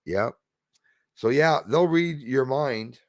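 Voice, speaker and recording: A man hosting a casual livestream, rambling excitably and answering viewers' comments aloud. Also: medium pitch, slow pace, no room sound, studio quality. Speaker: livestream host.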